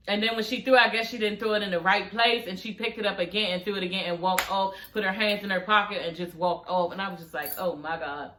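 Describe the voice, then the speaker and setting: A woman's voice: mid-range voice, bright, forceful tone, reverberant. A woman giving a casual, blunt recap of a reality show, talking straight to her viewers and swearing freely.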